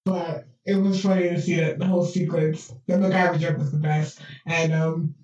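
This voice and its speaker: Brief: animated woman recapping a show, distant mic in a very roomy space. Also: low-pitched, moderate pace, highs cut off. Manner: animated, acts out scenes with laughs. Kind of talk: casual chat recapping a TV drama. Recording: echoey room, far from mic.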